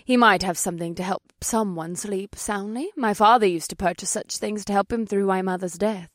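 A sly young woman from a fantasy tale, played by an actress, teasing and a little devious. Her voice sits at an ordinary middle pitch and is recorded dry and close. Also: normal speed, dry recording, natural voice. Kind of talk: audiobook dialogue.

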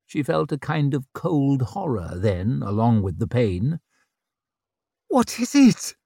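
Slow, steady male audiobook narrator. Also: mid-range voice, gravelly, husky, dry recording, clean studio sound.

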